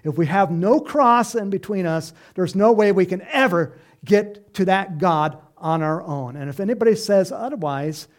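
A middle-aged man preaching an informal sermon, animated and chatty, acting out voices and chuckling as he speaks to the congregation. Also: high-pitched, normal speed, few pauses. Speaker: pastor.

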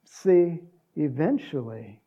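A man preaching a sermon in a lively, conversational way, acting out voices and laughing along. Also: slow, highs cut off. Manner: animated, acts out quotes with big pitch jumps and laughs. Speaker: pastor.

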